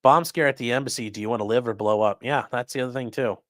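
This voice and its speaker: A man's voice: mid-range voice, quick pace, no echo, clean studio sound. Blunt man hosting a livestream. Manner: blunt, profane, reads chat aloud. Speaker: livestream host. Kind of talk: casual livestream commentary.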